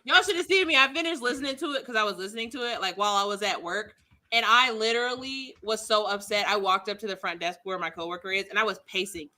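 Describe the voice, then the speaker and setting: A woman's voice: medium pitch, fast talker, bright, forceful tone. A woman co-hosting a casual podcast, ranting dramatically and animatedly. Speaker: podcast co-host. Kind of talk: casual chat.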